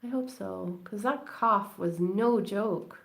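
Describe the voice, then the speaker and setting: A woman's voice: medium pitch, takes it slowly, vocal fry. A woman hosting a late-night crafting live stream from home, rambling and chatty and laughing often. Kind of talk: late-night casual chat while crafting. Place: at home indoors.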